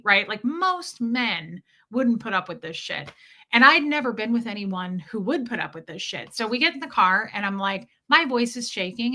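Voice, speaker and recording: Woman, bright tense voice, candid personal storytelling, emotional, halting, swears now and then. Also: medium pitch. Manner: uneasy, halting and self-correcting. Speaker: podcast host telling a personal story.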